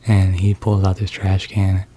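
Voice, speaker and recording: Casting: low-voiced man, monotone, sardonic game-story recapper. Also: a little slow, breathy edge. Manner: deadpan, mocking. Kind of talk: comedic sarcastic story summary.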